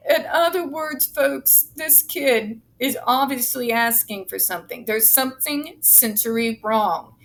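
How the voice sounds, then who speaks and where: A furious woman picks apart a report line by line, blunt and sarcastic and swearing hard. Her voice sits a little high and she talks slowly, leaning on each word. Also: creaky. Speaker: autistic advocate commentator. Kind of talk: angry commentary reading a report aloud.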